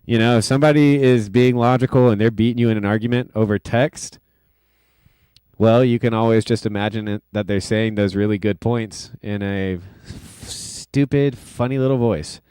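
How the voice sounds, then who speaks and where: A man's voice: fairly low pitch, fairly even intonation, moderate pace, warm tone, clear, resonant tone, dry recording, studio quality. A man hosting a casual livestream, rambling loosely with lots of fillers and self-deprecating asides. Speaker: livestream host and music producer.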